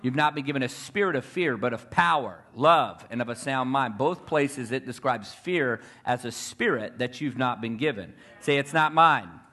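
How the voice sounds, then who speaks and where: Fervent, bright-voiced male preacher. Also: medium pitch, animated, normal speed, few pauses. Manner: fervent, call-and-response preaching. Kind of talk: sermon.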